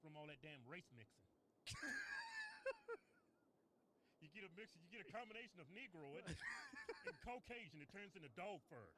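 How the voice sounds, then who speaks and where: A man's voice: high voice, huge pitch swings, moderate pace, long pauses, bright, forceful tone, a little hiss or hum. A man co-hosting a casual comedy show, joking crudely and laughing often. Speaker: co-host.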